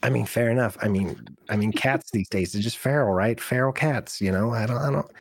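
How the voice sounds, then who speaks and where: A man's voice: mid-range voice, natural voice. A man voicing an eager, rambling halfling woman reporter who stammers and gushes. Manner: stammering, rushed and gushing.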